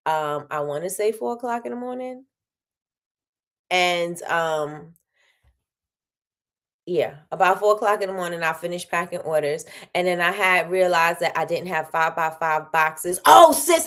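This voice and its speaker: A tired woman hosting a daily live show, chatting casually and animatedly, with sudden high exclamations. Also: fairly bright tone. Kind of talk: casual livestream chat.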